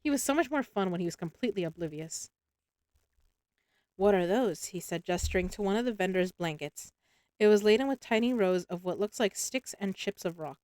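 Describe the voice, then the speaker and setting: A woman streamer reading a novel aloud in a relaxed audiobook style, with small slips and restarts. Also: medium pitch, a little fast, no echo, studio quality.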